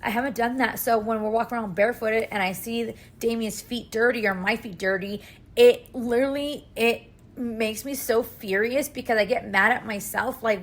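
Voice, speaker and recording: A woman's voice: fairly high pitch, moderate pace, a bit bright. A woman in her thirties, a mother of three hosting a podcast, venting emotionally and swearing often in a casual monologue.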